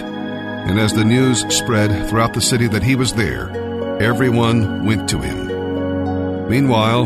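A man reading a Bible passage aloud as scripted narration, in a measured, even way. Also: lowish voice. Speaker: Bible reader.

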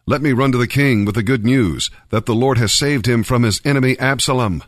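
A man's voice: mid-range voice, fairly quick, no room sound, natural voice. A man reading the lines of an eager young messenger who pleads to be sent.

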